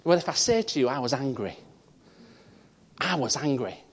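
A man from the north of England preaching a sermon and telling a personal story, his voice swinging from loud, high emphasis down to quiet asides. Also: normal speed, husky. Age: 30s. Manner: animated storytelling, voice rising and dropping for emphasis. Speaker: pastor.

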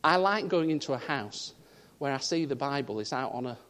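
A man from the north of England preaching a sermon and telling a personal story, his voice swinging from loud, high emphasis down to quiet asides. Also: a little fast. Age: 30s. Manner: animated storytelling, voice rising and dropping for emphasis. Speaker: pastor.

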